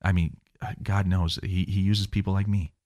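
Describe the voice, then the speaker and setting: A man's voice: deep voice, moderate pace. A man, a guest minister, telling a story in casual chat and acting out the voices of the people in it. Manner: animated, acts out quoted voices.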